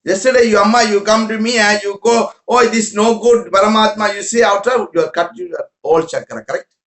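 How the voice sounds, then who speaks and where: High-pitched guy giving a spiritual talk, choppy broken english, keeps asking the room questions, roomy echo. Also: fairly quick, fairly bright tone. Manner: broken English, repeats words, asks listeners questions. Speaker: spiritual teacher. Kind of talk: informal spiritual talk to followers.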